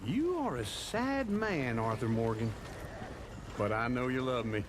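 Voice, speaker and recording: A man's voice: medium pitch, expressive, unhurried, close to an everyday voice. An actor playing a lazy, joking old male outlaw who teases and boasts with a chuckling drawl, as video game dialogue. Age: older. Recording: game audio with loud hoofbeat noise. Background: horse hooves and wagon sounds.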